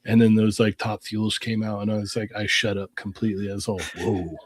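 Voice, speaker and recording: A man co-hosting a podcast, telling a lively story and acting out voices and engine sounds. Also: lowish voice, fast talker, dry recording. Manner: animated storyteller, acts out quotes and sound effects. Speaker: podcast co-host. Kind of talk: casual storytelling.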